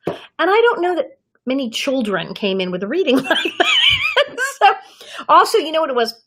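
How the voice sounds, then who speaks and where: A woman in her fifties, a guest actress in an interview, telling stories in a lively way and acting out the people she quotes. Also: fairly high pitch, fairly quick. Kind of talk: anecdotal interview storytelling.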